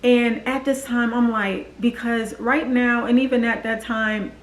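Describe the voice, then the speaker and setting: A woman's voice: a little high, fairly even intonation, a little slow, reverberant, rough recording. Earnest woman in her forties confiding. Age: 40s. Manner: earnest, confiding, acts out quoted voices. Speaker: vlogger. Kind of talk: personal storytelling to camera.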